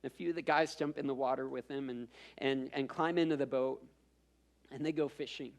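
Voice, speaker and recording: A man's voice: medium pitch, steady tone, a little fast, vocal fry. A man preaching a sermon as pastor, telling a story in a conversational way with self-deprecating asides and repeated words as he builds up.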